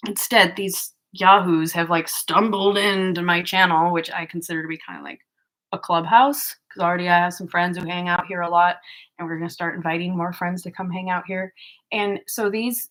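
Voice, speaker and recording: A woman's voice: fairly low pitch, normal speed. A woman hosting her own channel, talking frankly and profanely in a casual vlog monologue, with fillers and mocking asides. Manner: frank, profane, animated storytelling with mocking quoted voices; frequent fillers and laughs. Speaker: channel host.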